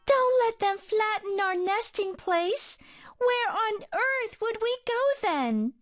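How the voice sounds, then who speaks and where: A woman doing squeaky pleading little plovers. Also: animated, takes it slowly, fairly bright tone, heavily acted. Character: small frightened plover birds pleading.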